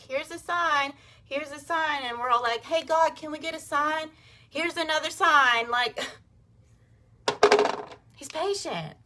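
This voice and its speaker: A woman's voice: lowish voice, a bit bright. Chatty woman telling a story. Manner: chatty, frequent "like", acts out quoted voices. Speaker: vlogger telling a personal story. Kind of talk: casual storytelling to camera.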